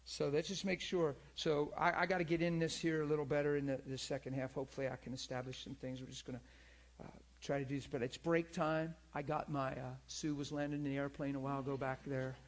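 A male preacher gives a conversational teaching in a somewhat high voice. He is animated and earnest, and keeps turning to his listeners for an amen or a nod of agreement. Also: quick pace. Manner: animated, acts out people in high pleading voices; earnest, repeats himself, asks listeners for agreement. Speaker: pastor and teacher.

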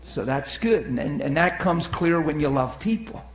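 Echoey, animated male preacher telling stories. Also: on the high side, normal speed. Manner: animated, acts out quoted voices, swings from loud to hushed. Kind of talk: sermon storytelling. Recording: echoey room.

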